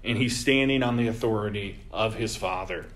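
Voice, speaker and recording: A man's voice: on the low side, moderate pace, fairly bright tone. A man leading a Bible study as vicar, teaching earnestly with emphatic repeated phrases.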